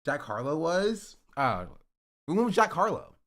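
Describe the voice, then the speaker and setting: A man's voice: fairly high pitch, unhurried. A man casually commenting on a live stream, chatty and laughing often. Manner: chatty, laughs often, breaks into excited shouts. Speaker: streamer reacting to rap clips.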